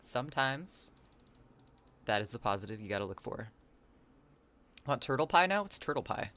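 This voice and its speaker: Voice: mid-range voice, very animated, normal speed, fairly bright tone. Rambling, chatty game streamer. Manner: rambling and chatty, reads chat aloud and answers it; playful wordplay and silly asides. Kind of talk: casual live-stream chat while gaming.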